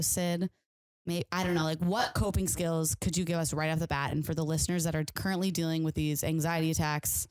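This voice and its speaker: A young woman co-host speaks in a lowish voice, chatty and relaxed. She swears casually as she talks. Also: fairly quick. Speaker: podcast co-host. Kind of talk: casual podcast chat.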